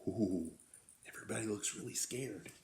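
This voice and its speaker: A man reading a children's picture book aloud as a storytime host, gentle and expressive. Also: fairly low pitch, normal speed, echoey room. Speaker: storytime reader.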